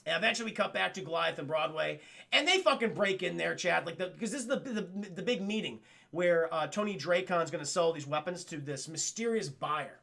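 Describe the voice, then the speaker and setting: A male streamer recaps a cartoon episode for his chat, animated and full of swearing. His voice sits high with a gravelly edge and a bright, forceful tone. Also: fairly quick. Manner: animated, profane, addressing chat.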